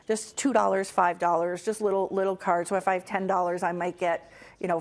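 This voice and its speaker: A middle-aged woman hosting a casual motivational talk, telling stories earnestly with fillers and restarts. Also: mid-range voice. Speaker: host.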